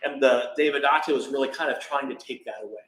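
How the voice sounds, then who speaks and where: A man's voice: medium pitch, quick pace, fairly bright tone, a little hiss or hum. A man, a meditation teacher, tells a teaching story informally, rambling with many fillers and restarts, in an echoey room. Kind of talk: dharma talk, storytelling.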